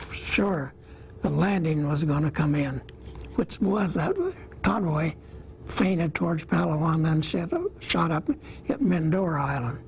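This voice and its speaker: A man in his eighties from Iowa, a war veteran telling his memories in an interview, plain-spoken and halting, with small pauses. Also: on the high side, slight background noise, low-quality recording.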